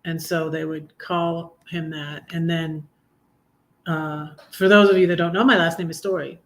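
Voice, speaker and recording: On a live stream, a middle-aged woman chats casually and reads her own poems, her voice fairly low-pitched and steady. She halts often, with plenty of ums, restarts and soft laughs, and grows emotional as she reads, her delivery heartfelt throughout.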